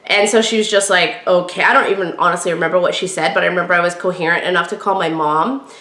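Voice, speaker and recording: A woman hosting a podcast, telling a personal story in a chatty, animated way and talking straight to her listeners. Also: lowish voice, fast talker, reverberant. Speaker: podcast host. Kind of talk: casual storytelling.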